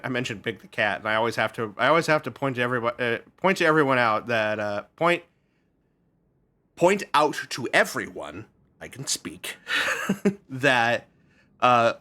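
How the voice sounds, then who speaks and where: A man's voice: mid-range voice, expressive, moderate pace, bright, forceful tone. A male streamer giving casual, rambling commentary over a game, laughing often.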